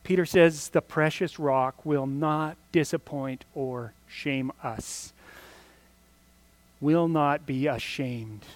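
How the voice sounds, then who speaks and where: A man preaches in a conversational way, breaking off into restarts and small asides as he explains scripture. His voice sits slightly high for a man. The sound is dry and close, with almost no room echo. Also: takes it slowly. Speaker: pastor. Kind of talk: sermon.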